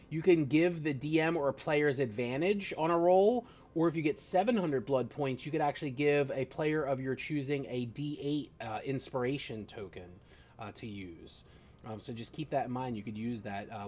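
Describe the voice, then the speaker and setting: A man acting as dungeon master on a live tabletop game stream, chatty and excitable with many fillers. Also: medium pitch. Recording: dull lo-fi mic.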